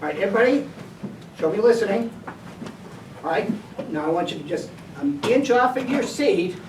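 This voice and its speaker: A woman's voice: mid-range voice, expressive, moderate pace. A woman teacher leading a classroom behavior lesson, giving directive step-by-step instructions. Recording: echoey room, distant mic, background noise.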